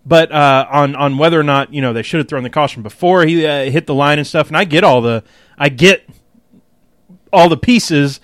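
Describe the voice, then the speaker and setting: A man co-hosting a casual sports podcast, telling stories in an excitable, animated way. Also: on the high side, normal speed, no room sound, studio quality. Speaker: podcast co-host. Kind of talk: casual chat.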